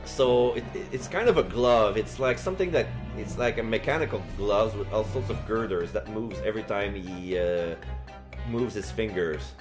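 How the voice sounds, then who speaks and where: A man's voice: fairly low pitch, moderate pace, over music. A man casually commenting on a game while streaming live, rambling with fillers. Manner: casual, lots of fillers and restarts.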